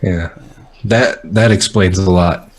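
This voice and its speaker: Low-voiced laid-back male podcast host. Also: steady tone, slow pace, a crowd in the background. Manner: dry, joking, laid-back. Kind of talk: casual chat.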